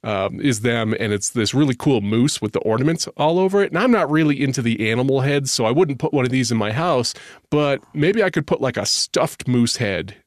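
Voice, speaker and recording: A man's voice: mid-range voice, lively intonation, fairly quick, no echo, studio quality. A man co-hosting a podcast in an enthusiastic casual chat, reading out listener mail. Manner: chatty, enthusiastic, reads listener mail aloud. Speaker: podcast co-host.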